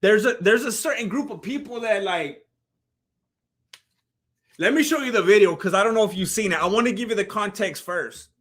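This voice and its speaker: A man's voice: high voice, normal speed, pauses often. A young man chatting casually on a live stream, commenting on a fight video and acting out the people in it. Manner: animated storyteller, voices the people in the clip.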